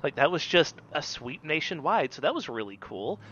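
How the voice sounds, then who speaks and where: A man's voice: fairly high pitch, sing-song, moderate pace, a bit bright, slight background noise. A man chatting casually on a podcast, making dry, wry remarks. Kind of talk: casual chat. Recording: dull, lo-fi sound.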